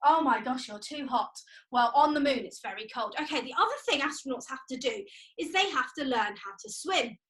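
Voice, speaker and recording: A young woman, a preschool educator, leads a cheerful, sing-song video lesson for preschool children, counting along as they do exercises and guiding the physical activities. Her voice sits high with a fairly bright tone.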